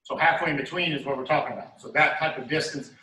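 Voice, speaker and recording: Male martial arts coach, bright voice slightly high, echoey room, mic at a distance. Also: fast talker, a little hiss or hum. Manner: steady coaching cues, talks through moves step by step. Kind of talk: class instruction. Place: training studio.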